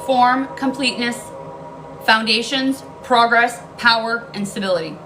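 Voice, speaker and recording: A woman's voice: fairly high pitch, a little slow, background noise. A woman giving a casual tarot reading, blunt and emphatic, swearing freely and repeating key lines for emphasis. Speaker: tarot card reader.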